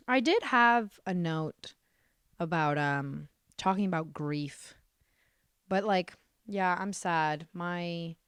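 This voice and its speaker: A woman's voice: on the low side, no echo, clean studio sound. A woman in her twenties hosting her own podcast, rambling through a casual solo monologue, blunt and swearing freely, with many restarts. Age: 20s. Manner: blunt, swears freely, swings between deadpan and exasperated. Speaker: podcast host.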